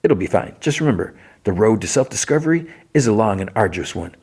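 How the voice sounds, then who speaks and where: A man voicing a polite, clean-cut male ex-butcher with a mellow manner. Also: on the low side, lively intonation, quick pace, husky, pitched above the performer's own voice.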